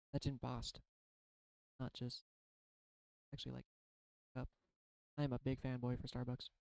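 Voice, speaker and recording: A man's voice: mid-range voice, mellow, smooth, no room sound, poor audio. A man rambling through a spiritual card reading in a casual, confessional vlog, often self-deprecating. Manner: tearful at times. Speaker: tarot card reader.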